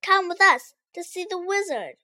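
A woman's voice: extremely high pitch, big pitch swings, moderate pace, bright, forceful tone, pitched above the performer's own voice, exaggerated voice. A woman voicing Dorothy, a polite, eager little girl in a storybook, who speaks in an earnest, pleading way.

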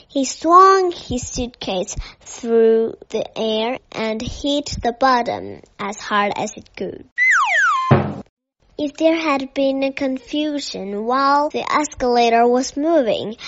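A woman narrating a children's story aloud in a gentle, measured way. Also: a little high, muffled recording.

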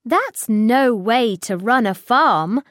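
A woman with a British accent voicing a bossy young male farmer in a children's storybook, brisk and scolding. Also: on the high side, animated, fairly bright tone, no room sound, studio quality.

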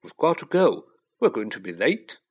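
A man's voice: mid-range voice, sing-song, moderate pace, slightly rough. Ron, a man doing a curt irritable schoolboy. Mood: irritated. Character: hot-tempered redheaded schoolboy, blunt and irritable.

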